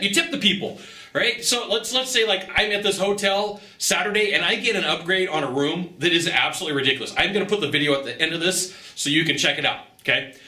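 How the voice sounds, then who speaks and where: A man giving casual travel advice to camera, chatty and lively, often laughing and acting out little dialogues. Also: sits high, reverberant. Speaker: travel and persuasion tips presenter.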